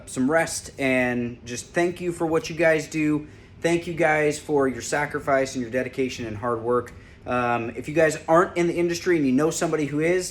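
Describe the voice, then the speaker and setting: A man's voice: medium pitch, slight background noise. A former corrections officer, a man, casually telling a lighthearted story and laughing as he recalls it. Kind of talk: casual personal storytelling to camera.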